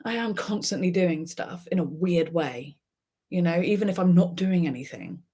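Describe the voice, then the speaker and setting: A woman's voice: lowish voice, lively intonation, normal speed, warm tone, slightly rough. A woman hosting a casual live chat with viewers, talking in a chatty, giggly way with lots of fillers and restarts. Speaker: livestream host reacting to music.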